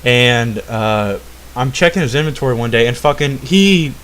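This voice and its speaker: A young channel host delivers a profane gaming-vlog rant, rambling with constant swearing, lots of "uh," restarts, and a habit of asking "all right?". His medium-pitched voice is animated and fairly bright at normal speed, with slight background noise.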